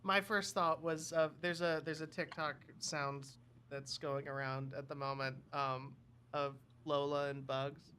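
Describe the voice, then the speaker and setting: A man's voice: a little high, unhurried, slight background noise. A man co-hosting a livestream, chatting casually and laughing often. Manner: animated, laughs often, tries cartoon voice impressions. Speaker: livestream co-host. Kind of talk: casual chat.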